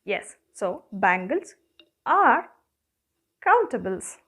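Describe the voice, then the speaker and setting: A woman's voice: medium pitch, sing-song, extremely slow, a bit bright, breathy edge. A woman with an Indian English accent teaching a grammar lesson, asking questions and answering them herself as she counts objects aloud. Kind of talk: classroom lesson.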